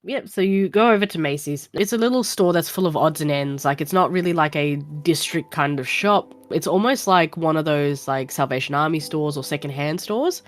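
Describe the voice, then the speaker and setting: A woman's voice: deep voice, normal speed, few pauses, dry recording. A woman narrating a tabletop game as game master, in a casual, rambling way.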